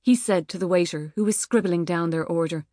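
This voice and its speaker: A woman reading an audiobook in a measured, wry manner. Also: fairly low pitch, dark tone, no room sound, clean studio sound. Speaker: audiobook narrator. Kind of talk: scripted narration. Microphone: studio microphone.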